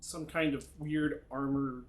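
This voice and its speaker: A man running a tabletop game as game master, describing the scene slowly and with pauses. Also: mid-range voice, steady tone. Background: music.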